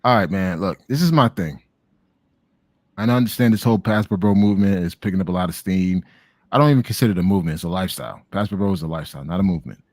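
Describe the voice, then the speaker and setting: American man, from Miami, laid-back, slangy, low-pitched, dry close sound, video call. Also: rapid-fire, darkish tone, no room sound. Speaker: guest on travel talk. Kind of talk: casual chat.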